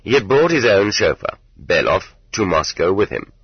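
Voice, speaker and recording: A man narrating an audiobook in measured, even storytelling. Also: sits low, slightly rough, lo-fi sound. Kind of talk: scripted narration.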